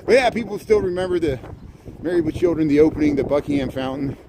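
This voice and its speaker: A man's voice: on the high side, lively intonation, fast talker, background noise. Chatty man on a street walk. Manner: rambling, chatty, greets and answers viewers. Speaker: vlogger giving a city walking tour. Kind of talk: casual walking livestream chat. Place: outdoors on a cold, windy city street.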